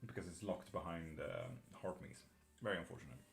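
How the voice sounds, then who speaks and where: A low-voiced man speaks fairly quickly over soft background music during a casual live tarot stream from his home in England. He's from Sweden, his accent mixes Irish and British patchily, and he laughs and swears offhand while reading out viewers' messages.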